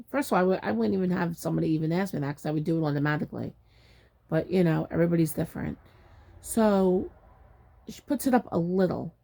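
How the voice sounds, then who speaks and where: A woman's voice: fairly low pitch, fairly quick, creaky, mellow. A woman casually telling a personal story in a chatty, exasperated way, acting out what people said. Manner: chatty, exasperated retelling with acted-out quotes.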